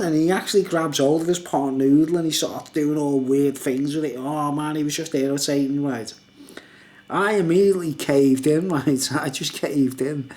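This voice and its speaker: A man's voice: a little high, normal speed, darkish tone. Rambling man, laughs through his story, very casual. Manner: laughs often, rambling, asks "you know what I mean". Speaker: vlogger.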